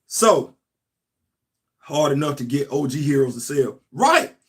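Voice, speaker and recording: A man's voice: mid-range voice, sing-song, a little slow, a bit bright. Emphatic man ranting about comics. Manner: emphatic, repetitive, preachy. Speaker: host. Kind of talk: casual commentary monologue.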